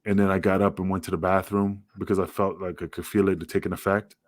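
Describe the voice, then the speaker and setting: Man, low voice, casual profane storytelling, dry close sound. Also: level tone, fast talker, no room sound. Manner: profane, rambling, acts out quotes in a higher voice. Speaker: former wrestler guest.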